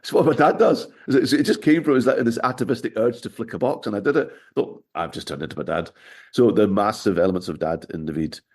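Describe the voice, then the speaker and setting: A man's voice: fairly low pitch, fast, darkish tone. A middle-aged man, a podcast guest telling wry anecdotes in casual interview chat. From Scotland, raised in Glasgow.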